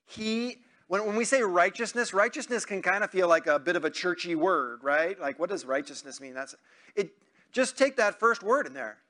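Male pastor, high and bright, conversational sermon with questions and acted-out prayers. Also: moderate pace.

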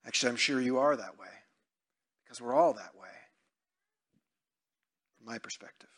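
A man's voice: mid-range voice, huge pitch swings, moderate pace, gravelly. A man preaching a sermon to his congregation in a conversational way, asking them questions and acting out quoted prayers. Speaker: pastor.

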